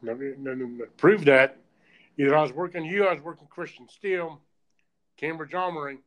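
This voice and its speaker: Male guest, rambling, filler-heavy recollection, slightly high voice. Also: moderate pace, fairly bright tone, low-quality recording. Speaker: podcast guest, former wrestler. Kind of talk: casual conversation, recalling matches.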